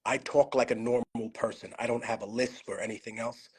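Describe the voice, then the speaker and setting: A livestream host talks from his home studio via phone in a mid-range, slightly mellow, husky voice, brisk and fairly even in intonation. His storytelling is loose and profane, and a poor connection sometimes makes him sound slurred.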